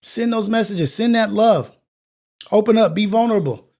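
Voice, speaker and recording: High-pitched dude hosting a morning show, earnest and preachy, keeps repeating himself. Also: male voice, normal speed, a little mellow. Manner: earnest, preachy, repetitive phrasing. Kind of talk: motivational monologue.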